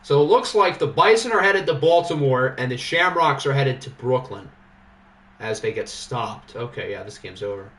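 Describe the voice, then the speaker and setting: This male livestreamer talks at a normal speed in an animated, medium-pitched voice with some brightness. Going over simulated football league results, he keeps things chatty and jokey, thinking aloud as he goes.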